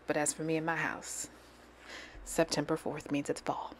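A woman hosting her planner channel at home, chatting and rambling while she decorates a digital planner into a desk microphone. She gushes over what she likes and drops into soft, near-whispered asides. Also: deep voice, fairly even intonation, measured pace, slight background noise.

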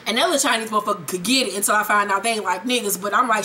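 A woman's voice: medium pitch, rapid-fire, bright, forceful tone, slight background noise. A woman giving a blunt, casual recap of a TV episode, swearing freely and commenting as she goes. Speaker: TV recap vlogger.

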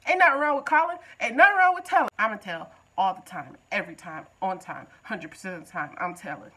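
A woman's voice: medium pitch, expressive, fast talker, sharp tone, slightly rough, poor audio. A woman recapping a TV episode in a casual, joking way, talking back to the show. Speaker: TV recap vlogger.

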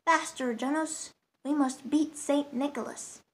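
A woman voicing an eager young village boy who shouts in his excitement. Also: sits high, measured pace.

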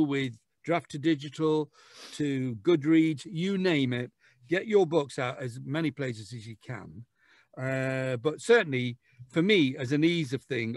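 A man, a guest author chatting on a podcast and telling jokey, lively stories. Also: mid-range voice, dry recording, clean studio sound. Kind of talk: casual podcast chat.

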